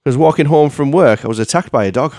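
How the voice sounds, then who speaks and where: A man's voice: medium pitch, fast talker, no room sound, studio quality. A man from England, a podcast co-host in a casual chat, telling stories and acting out the people in them. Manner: animated storyteller, acts out the people in his tales.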